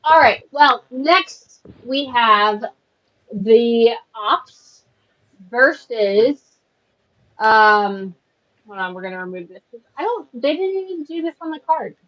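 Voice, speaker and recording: A woman's voice: on the high side, animated, takes it slowly, lo-fi sound. A woman hosting a casual wrestling review podcast, easygoing as she moves the show to the next match. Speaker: podcast host running the segments.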